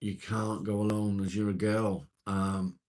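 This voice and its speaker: A man's voice: on the low side, little pitch movement, unhurried, darkish tone. A middle-aged man, casually chatting and reassuring viewers on a live stream.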